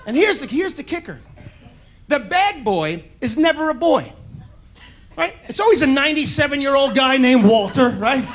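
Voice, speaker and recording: Stand-up guy telling stories on stage, high pitched, super animated, yells the punchlines. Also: normal speed, slight background noise. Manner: animated, shouts punchlines, acts out characters. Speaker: stand-up comedian. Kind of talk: stand-up storytelling. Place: comedy stage.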